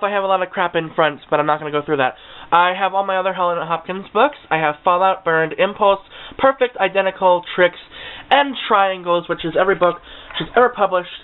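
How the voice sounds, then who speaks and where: A man's voice: on the high side, clean tone. Gushing young man in a tinny recording. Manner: chatty and gushing, with self-mocking asides. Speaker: book vlogger. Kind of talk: casual chat. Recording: tinny lo-fi webcam audio.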